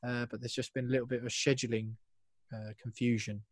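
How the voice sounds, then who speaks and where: Chatty fan podcast host, dry sound. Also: male voice, mid-range voice, little pitch movement, quick pace, no room sound. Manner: chatty, playful, reads listener messages aloud. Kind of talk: casual podcast chat.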